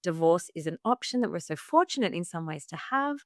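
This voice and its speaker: A woman's voice: on the low side, sing-song, brisk, no echo. Earnest woman coach, dry close sound. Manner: earnest, acts out her own past remarks in quotes; frequent "like" fillers. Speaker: podcast guest, women's health coach. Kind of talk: personal storytelling in a podcast interview.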